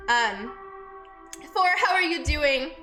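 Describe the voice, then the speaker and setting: A woman's voice: sits high, animated, takes it slowly. A woman streamer who is a nurse, sick and out of breath, chatting with her viewers and greeting them by name as she rambles through a story. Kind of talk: casual chat with live viewers. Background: faint music.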